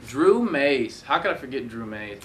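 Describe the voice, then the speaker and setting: A man's voice: medium pitch, very animated, normal speed, recorded from a distance, a little hiss or hum. A young man hosting a sports talk show, chatting casually with lots of fillers and self-corrections. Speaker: host. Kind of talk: casual studio chat.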